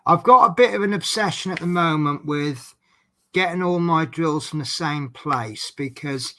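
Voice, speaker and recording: At normal speed and in a high-leaning, somewhat bright voice, the man chats through his craft hobby at home for a relaxed vlog. The self-deprecating coach driver keeps joking about himself and asking his viewers things.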